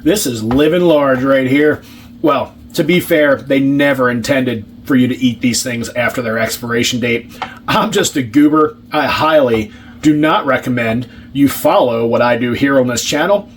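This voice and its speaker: A man's voice: medium pitch, normal speed, slight background noise. Joking, foul-mouthed man reviewing food. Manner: joking and sarcastic, swears casually; chews and hums with his mouth full. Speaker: ration review vlogger. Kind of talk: casual food-tasting vlog.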